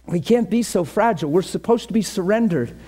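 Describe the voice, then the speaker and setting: High-voiced impassioned male preacher. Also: animated, a little fast. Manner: impassioned, swings from quiet to shouting. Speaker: pastor. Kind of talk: sermon.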